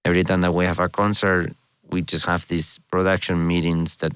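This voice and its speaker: A middle-aged man from Spain with a thick Spanish accent, a guest telling animated stories in a casual interview, laughing often and restarting his sentences. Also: sits low, brisk, clear, resonant tone, dry recording. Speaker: guest, orchestra conductor.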